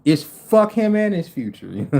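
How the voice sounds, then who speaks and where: A man in his forties hosting a livestream, telling stories in an animated, profane, incredulous way and acting out other people in quick voices. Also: on the high side, creaky. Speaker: livestream host. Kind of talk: casual storytelling rant.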